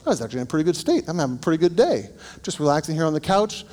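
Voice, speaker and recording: A man's voice: a little high, big pitch swings, very fast, a little mellow, in a large hall. A man working as a counselor, teaching a group in a casual, anecdotal way and asking them questions. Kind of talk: conversational teaching.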